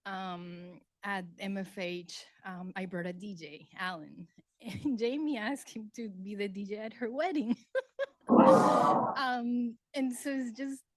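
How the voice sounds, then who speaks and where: A woman's voice: mid-range voice, takes it slowly, no echo, poor audio. A woman who co-leads a community group, tearful and laughing through tears as she introduces herself at a meeting.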